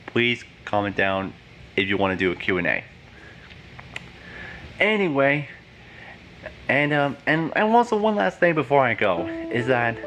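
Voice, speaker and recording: A man's voice: medium pitch, fairly bright tone. A young man talking to his channel's viewers, rambling and earnest, with a lot of fillers. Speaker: YouTuber. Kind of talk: casual vlog talk.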